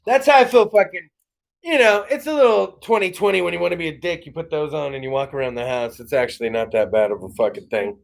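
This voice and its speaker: A man's voice: fairly high pitch, fast talker, vocal fry. A man hosting a live-streamed comedy podcast from home, rambling and swearing, slipping into mock voices and laughing at his own jokes. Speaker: podcast host. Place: home studio.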